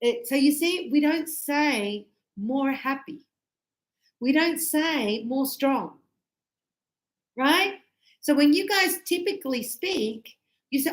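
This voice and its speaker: Animated woman teacher, high voice. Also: slow pace, long pauses. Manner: animated, acts out little dialogues; emphatic, teasing. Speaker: English teacher. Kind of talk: informal classroom grammar explanation. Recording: echoey room.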